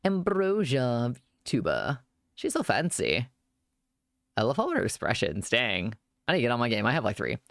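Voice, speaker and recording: A man's voice: medium pitch, huge pitch swings, normal speed, vocal fry, fairly bright tone, dry recording, studio quality. A man chatting casually on a live stream, rambling at length and thanking viewers as they follow.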